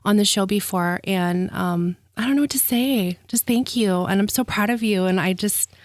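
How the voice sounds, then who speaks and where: A woman's voice: medium pitch, moderate pace, no echo. A woman hosting an interview podcast, gushing and emotional, often near tears and laughing. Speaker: podcast host. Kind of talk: heartfelt interview.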